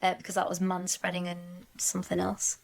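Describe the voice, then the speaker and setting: A woman's voice: on the low side, monotone, a little fast, vocal fry. A woman co-hosting a podcast in casual chat, frank and chatty, laughing often. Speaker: podcast co-host.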